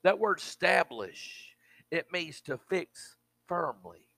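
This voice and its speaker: A man preaching, his voice somewhat high and tense with force. He talks emphatically and folksily to the congregation. The sound is close and dry. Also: sing-song, takes it slowly, gravelly, fairly bright tone, no room sound. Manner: emphatic, with colloquial asides to the congregation. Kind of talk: sermon.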